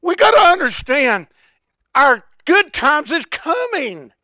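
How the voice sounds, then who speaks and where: An older man preaching a folksy, impassioned sermon that swells into shouts. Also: extremely high pitch, big pitch swings, slow pace, dry recording, clean studio sound.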